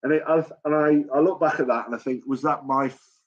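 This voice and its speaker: A man's voice: fairly high pitch, steady tone, fairly quick, muffled recording. A middle-aged man hosting a late-night live chat, telling stories in a rambling, blunt way with constant swearing. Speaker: live stream host.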